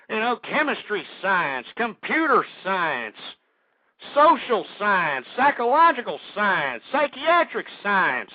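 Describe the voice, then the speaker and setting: A man's voice: sits high, no room sound. A man hosting a talk radio show, ranting with hostility and swearing often, and getting out of breath. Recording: dull lo-fi radio broadcast.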